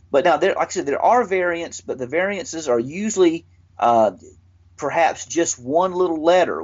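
Husky man explaining earnestly. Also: mid-range voice. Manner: earnest, explanatory, with frequent restarts and filler. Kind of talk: casual explanatory discussion. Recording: dull lo-fi audio.

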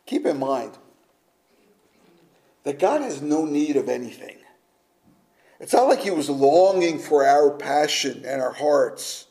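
Man, preacher, sermon, slow delivery, mellow tone, slightly high voice, dramatic hushed drops. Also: animated, poor audio.

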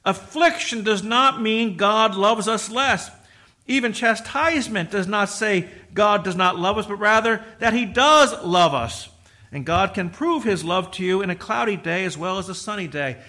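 High, bright-voiced preacher man. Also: lively intonation, normal speed. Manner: emphatic, swings from loud exhortation to quiet, repetitive restarts. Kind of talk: sermon.

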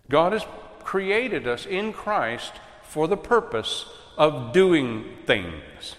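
A man preaching a sermon with emphatic swings between loud and soft. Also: a little high, big pitch swings, slow. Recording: long hall reverb.

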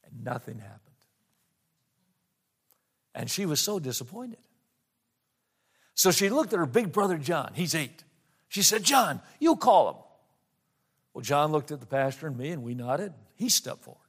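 A middle-aged man preaching, telling a personal story and slowing down to stress scripture lines. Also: on the high side, lively intonation, fairly bright tone, husky. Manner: storytelling, slows down for emphasis on scripture. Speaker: pastor.

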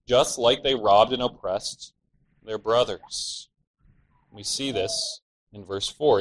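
A man's voice: medium pitch, a bit bright, low-quality recording. A man preaching an expository sermon, explaining scripture earnestly and at times voicing the villains' laments in a mocking tone.

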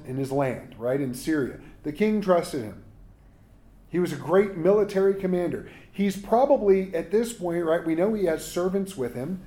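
A man preaching a casual, conversational sermon as pastor. He reads scripture, then talks to his listeners with frequent asides, quick jokes and "right?". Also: a little high, mellow.

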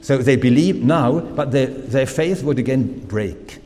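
A man with a German accent, a native German speaker, preaching a sermon in slow, deliberate phrases with pauses and fillers. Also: mid-range voice, mellow, long reverb tail.

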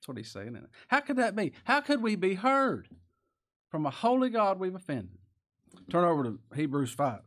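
Animated preaching man, lively pitch. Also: normal speed. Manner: animated preaching, reading scripture aloud with rising emphasis. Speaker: pastor. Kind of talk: sermon.

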